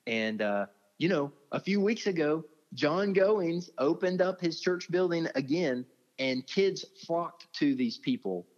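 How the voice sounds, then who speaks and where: A man's voice: on the high side, lively intonation, a little slow, big-room sound. A man, a ministry leader telling stories as an interview guest, heartfelt and earnest, often calling the listener "man". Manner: heartfelt, speaks with feeling, says "man" often. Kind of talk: earnest conversational storytelling. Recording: dull lo-fi audio.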